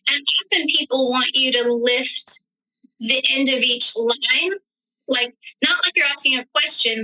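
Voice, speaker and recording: Woman guest on a studio podcast, high, very bright tone, reflective storyteller. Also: rough recording. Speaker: actress, writer and director guest. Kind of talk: podcast interview.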